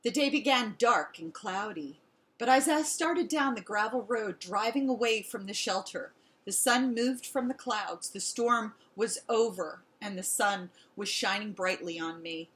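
A woman reading a children's story aloud in the first person, in a gentle, expressive storybook manner. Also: medium pitch, measured pace.

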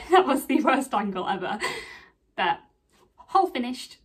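A woman's voice: a little high, sing-song, a little slow, slightly rough. A young woman chatting casually through a clothing try-on haul, out of breath, giggly and full of fillers. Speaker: vlogger.

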